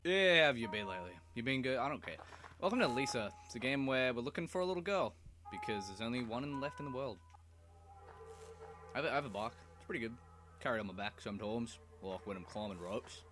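A young man rambles through a playthrough, cursing and muttering to himself, his pitch swinging widely. Loud game music plays under his voice. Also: animated, fast. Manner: rambling, swears a lot, mumbles asides. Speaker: let's play gamer. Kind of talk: casual gameplay commentary.

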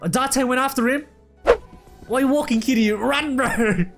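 A man giving casual, excitable gameplay commentary, full of slang and shouts at the game. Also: very high voice, normal speed, creaky. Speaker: let's play gamer. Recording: loud game music underneath. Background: game music.

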